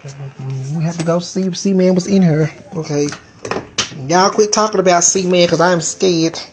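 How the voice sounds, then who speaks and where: A woman's voice: lowish voice, unhurried, background noise. A woman chatting casually on a live stream from home into a phone, rambling and swearing in a playful way. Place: indoors at home.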